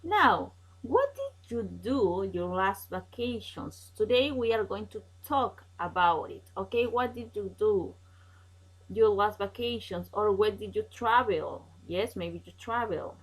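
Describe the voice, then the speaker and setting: A woman's voice: mid-range voice, animated, measured pace, husky, poor audio. A woman teaching an English grammar lesson online, patient and repetitive, checking in with "okay?" often.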